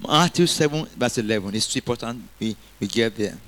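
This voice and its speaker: A male preacher delivers an energetic sermon. He quotes scripture and has the congregation repeat his lines back to him. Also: fairly low pitch, a little fast.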